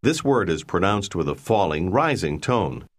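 A man narrating a language lesson in a slow, clear, measured teaching delivery. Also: low voice, big pitch swings. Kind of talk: scripted instructional narration.

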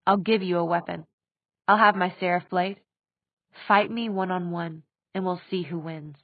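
A woman's voice: fairly low pitch, steady tone, normal speed, dry recording. A woman doing a defiant young warrior. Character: young male demon hunter, bold and defiant. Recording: dry tinny phone-like sound.

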